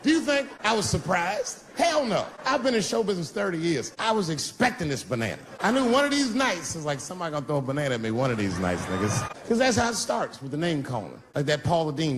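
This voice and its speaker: Animated man doing stand-up on stage. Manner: animated, swings between high squeals and low drawls for effect. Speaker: stand-up comedian. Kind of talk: stand-up comedy set. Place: large theater stage before a live audience.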